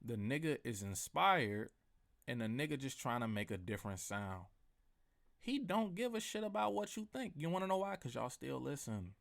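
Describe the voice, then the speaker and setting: A man hosting his own podcast in a casual solo rant, profane and rambling, swinging from loud outbursts to mumbled asides. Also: on the high side, big pitch swings, normal speed. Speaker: podcast host.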